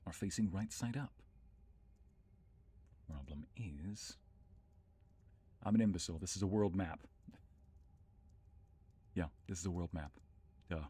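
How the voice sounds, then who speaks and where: A man's voice: low-pitched, measured pace, long pauses, mellow, husky. A young adult man casually commenting on a game he is playing, chatting with viewers and thinking aloud. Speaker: streamer. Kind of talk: casual let's-play commentary.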